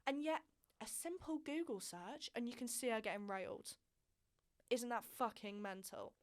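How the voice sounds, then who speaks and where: A woman's voice: fairly high pitch, moderate pace. Frank chatty woman in her twenties. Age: 20s. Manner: frank, chatty, swears freely, animated emphasis. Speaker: vlog host. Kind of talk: candid casual storytelling.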